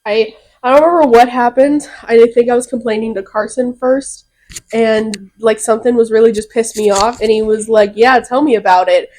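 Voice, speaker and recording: Giggly, foul-mouthed young woman, high voice. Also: moderate pace. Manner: profane, giggly, animated storyteller. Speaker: podcast co-host. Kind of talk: casual chat.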